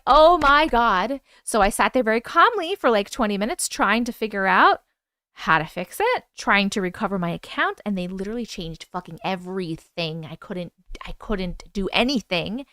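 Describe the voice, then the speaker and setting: A woman hosting a livestream, casually telling a story, animated and profane, acting out the voices she quotes. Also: medium pitch, normal speed, clear, resonant tone, no echo, clean studio sound. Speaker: host. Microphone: wireless clip-on mic.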